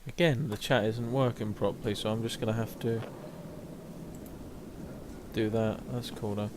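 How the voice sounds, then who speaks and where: A man's voice: lowish voice, fairly even intonation, moderate pace, background noise. A young man chatting casually while streaming a video game, rambling and reading game text aloud. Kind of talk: casual live gameplay commentary.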